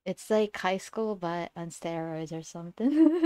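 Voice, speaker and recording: A woman's voice: mid-range voice, very animated, slow, dark tone, no room sound, clean studio sound. A young adult woman on a casual livestream. She greets viewers, giggles often, and stumbles over repeated words.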